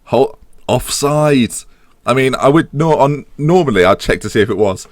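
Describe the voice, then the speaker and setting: An English man with an English accent giving casual, excitable commentary over a football management game, humming tunes and bursting into loud reactions. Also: medium pitch, normal speed, no echo, clean studio sound. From England. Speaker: gaming YouTuber.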